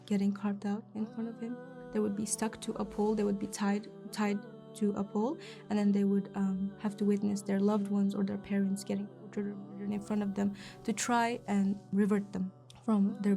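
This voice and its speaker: A young woman from East Turkestan, speaking softly and hesitantly as an interview guest, with frequent fillers. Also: mid-range voice. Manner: soft-spoken, hesitant with fillers. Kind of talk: personal interview.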